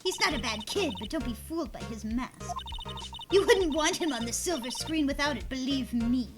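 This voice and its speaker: A woman plays a meddling old woman who gossips and scolds in a game readthrough. The voice sits high and swings a lot, and game music plays clearly behind it. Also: animated, normal speed. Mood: scolding gossip. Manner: scolding, nosy, self-important. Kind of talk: reading game dialogue aloud.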